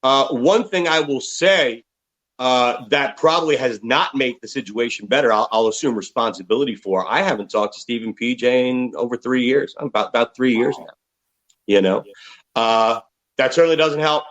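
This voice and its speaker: A man's voice: medium pitch, normal speed, highs cut off. A man in his fifties, a rock musician telling candid, profane stories as an interview guest. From United States. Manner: profane, animated storyteller.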